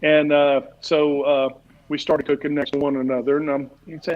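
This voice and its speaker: A man's voice: mid-range voice, little pitch movement, brisk. Folksy rambling man, lo-fi audio. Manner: rambling, folksy, many "uh" fillers. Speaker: barbecue class teacher and guest. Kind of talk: casual storytelling chat. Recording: dull lo-fi stream audio.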